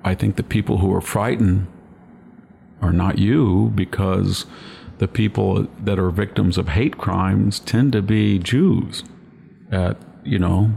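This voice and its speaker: Gravelly, deep-voiced older man lecturing. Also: slow, mellow, slight background noise. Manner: emphatic, lecturing, with long anecdotes. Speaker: podcast host. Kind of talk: political commentary chat.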